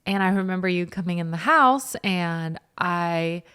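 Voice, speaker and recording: A woman's voice: fairly low pitch, unhurried, a bit bright, clean tone. A young woman co-hosting a podcast, telling a personal story in an earnest, reflective way with many fillers. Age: young adult. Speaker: podcast co-host, wife. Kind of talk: casual chat.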